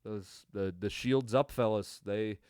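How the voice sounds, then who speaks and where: A man's voice: on the low side, a little slow, darkish tone, smooth, dry recording. A man hosting a casual sports podcast, ranting in a profane, tired way with lots of fillers and restarts, close to the mic. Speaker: podcast host.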